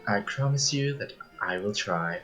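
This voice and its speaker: A man's voice: on the low side, expressive, a little slow, pushed and bright, soft background music. A man voicing a brave, composed woman magician who speaks formally and courteously in a tabletop game.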